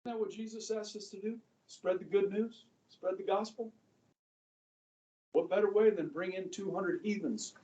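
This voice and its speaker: A high school government teacher in his fifties lecturing a class in a chatty way, often checking in with the students. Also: moderate pace, warm tone. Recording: echoey classroom from far off.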